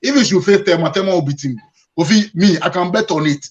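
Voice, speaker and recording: A man's voice: sits high, fast talker. A man arguing his points on a panel, emphatic and repetitive. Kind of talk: opinionated panel discussion. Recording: dull lo-fi sound.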